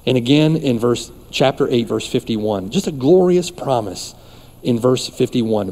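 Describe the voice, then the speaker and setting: A man's voice: medium pitch, expressive, unhurried, dark tone, long reverb tail. A man preaching a sermon as pastor, emphatic and insistent, driving points home by repeating phrases. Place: church.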